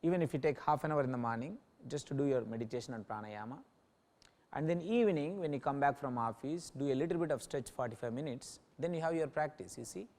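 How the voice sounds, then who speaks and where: A man's voice: medium pitch, expressive, fast talker, a little mellow. Man giving a casual yoga talk. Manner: conversational, checks in with "Okay?" often. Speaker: yoga teacher. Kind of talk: informal talk to a class. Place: yoga center in New Delhi.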